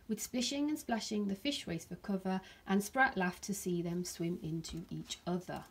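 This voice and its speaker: A woman, a primary school teacher, reading a rhyming picture book aloud to her class in a gentle storytelling manner. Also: mid-range voice, normal speed, hardly any pauses, a little hiss or hum.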